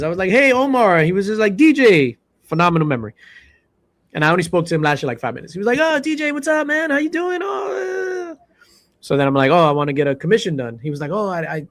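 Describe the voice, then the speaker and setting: Animated man hosting a pop culture chat. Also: a little high, no room sound. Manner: animated storyteller, acts out quotes. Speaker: podcast host. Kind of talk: casual panel chat.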